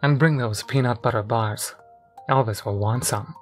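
A man voicing an exasperated older male manager who grows agitated and loud. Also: moderate pace, soft background music, lightly acted. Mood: confiding. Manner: raised, agitated, pitched up.

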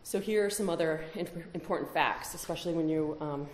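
A woman's voice: low voice, a little fast, echoey room, slight background noise. A woman giving a conference talk, emphatic, with rhetorical questions. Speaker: conference speaker. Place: conference hall.

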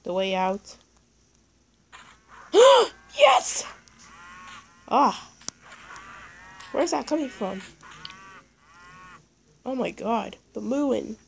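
A woman giving excitable let's play commentary, talking to the animals in her game as she plays. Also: medium pitch, takes it slowly, creaky, pauses often, a little hiss or hum, poor audio. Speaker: gaming YouTuber.

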